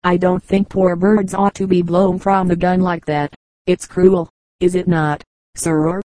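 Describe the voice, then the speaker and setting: A woman's voice: on the low side, flat delivery, measured pace, dark tone, no room sound, natural voice, low-quality recording. A woman reading the part of a tender-hearted younger schoolboy, pleading and upset.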